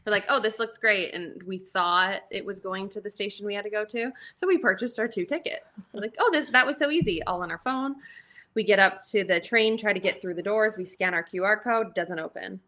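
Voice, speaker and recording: A young woman guest on a podcast, retelling a trip in lively casual chat and acting out the story. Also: mid-range voice, a little fast.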